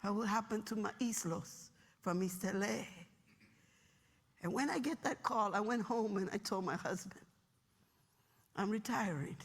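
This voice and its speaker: A woman's voice: mid-range voice, normal speed. A middle-aged woman, a retired military officer, telling stories with humor in a keynote speech in a large hall. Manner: animated, humorous storytelling. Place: large hall, luncheon event. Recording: long reverb of a large hall.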